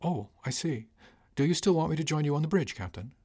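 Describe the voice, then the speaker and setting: An oblivious, clumsy cargo chief, voiced by a man in a spoken sci-fi story. He sounds mild, breezy and perfectly reasonable, pitched a little above the narrator's own voice. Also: lively intonation, fairly quick, a little mellow, husky.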